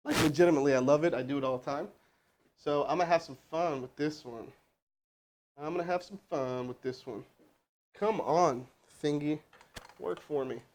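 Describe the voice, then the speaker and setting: A man with a fairly high pitch speaks at a moderate pace and pauses often. He handles a live cold sales call and then coaches his crew, talking casually with many fillers and restarts in an energetic, rambling manner.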